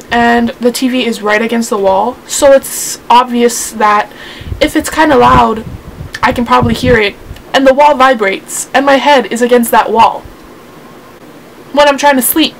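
A young woman in her teens, a vlogger ranting casually to camera in a sassy, rambling way and quickly getting worked up. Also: on the high side, creaky, slight background noise, poor audio.

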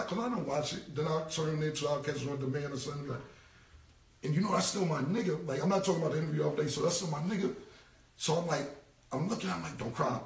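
A man's voice: on the high side, gravelly. A forty-year-old man, talking bluntly and repetitively in heavy slang as an interview guest. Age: 40s. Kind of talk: casual interview talk. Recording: roomy, distant from the mic.

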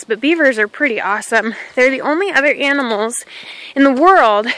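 Vlogger: high-pitched Midwestern woman, rambling and chatty, recorded outdoors on a phone. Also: a bit bright, low-quality recording. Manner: chatty and rambling, talks to her dog. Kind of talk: casual walking vlog. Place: outdoors on a country path. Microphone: handheld phone camera.

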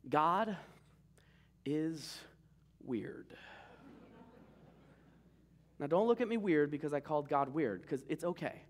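Lively joking male pastor. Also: fairly high pitch. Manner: casual, joking storyteller. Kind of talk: sermon.

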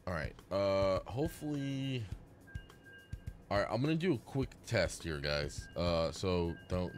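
Excitable male game streamer. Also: low-pitched, measured pace. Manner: excitable, yelps and laughs during play; apologetic, chatting to viewers. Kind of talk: live game stream chat. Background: game music.

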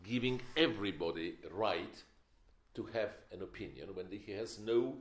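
A man's voice: lowish voice, moderate pace. An older man giving a film masterclass, opinionated and emphatic, with wry stories. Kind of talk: masterclass lecture. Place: lecture hall. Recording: echoey lecture hall.

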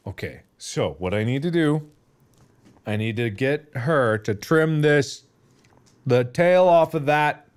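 Man, gaming host, goofy playful commentary, silly noises, lively pitch, unhurried. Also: clean tone. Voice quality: goofy, jokey, bursts of laughter and silly sounds.

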